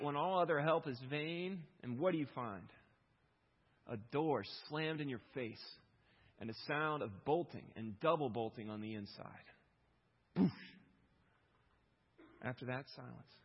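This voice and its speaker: A man preaching a sermon, moving between loud pleading questions and quiet reflective reading, with a husky voice. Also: fairly high pitch, moderate pace, long pauses, lo-fi sound. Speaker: pastor.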